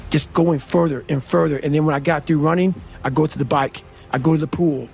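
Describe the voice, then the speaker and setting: A man's voice: a little high, fairly even intonation, a little fast, creaky, darkish tone, faint music behind. A man giving an intense, blunt motivational speech in an emphatic manner. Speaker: motivational speaker.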